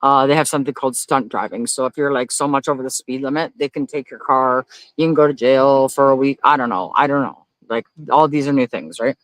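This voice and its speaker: A man hosting a casual livestream, reading viewer comments aloud. He talks in a blunt, profane rant and breaks into loud, high-pitched disbelief. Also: brisk, no echo. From Canada. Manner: loudly incredulous, rises to high exclaims. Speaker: livestream host.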